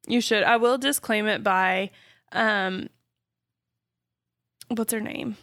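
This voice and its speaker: A woman's voice: mid-range voice, steady tone, slow, fairly bright tone, dry recording, studio quality. A woman co-hosting a podcast, chatting casually and often murmuring agreement. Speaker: podcast co-host. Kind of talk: casual chat.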